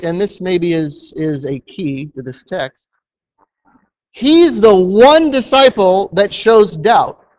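A man delivers a sermon at an unhurried pace, leaning hard on key words and acting out the lines of the story. His voice sits a little high. The recording is dull and lo-fi. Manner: emphatic, storytelling with acted quotes. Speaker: preacher. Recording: dull lo-fi sound.

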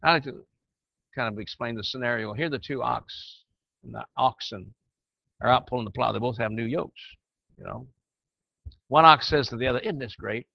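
With a gravelly, mid-range voice and frequent pauses, this older man speaks at normal speed. He mentors and instructs church leaders, teaching a group informally in a homespun way that turns preachy, captured in a dry, muffled, lo-fi recording.

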